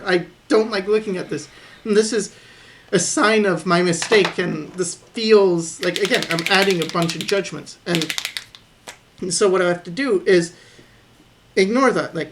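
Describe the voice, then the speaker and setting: A man recording a voice-over as he sketches, calmly thinking aloud about his drawing habits and encouraging viewers to keep practicing. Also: high voice, moderate pace. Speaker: artist teaching drawing. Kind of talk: voice-over commentary while sketching.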